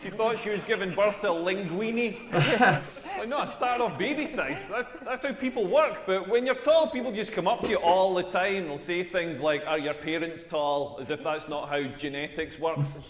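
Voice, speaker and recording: Male actor as a tall Scottish comic in a game; raised pitch, crude rambling jokes, roomy reverb. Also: moderate pace, natural voice. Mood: deadpan. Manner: crude, rambling, self-mocking. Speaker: stand-up comedian. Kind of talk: stand-up comedy routine. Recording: echoey hall with long reverb.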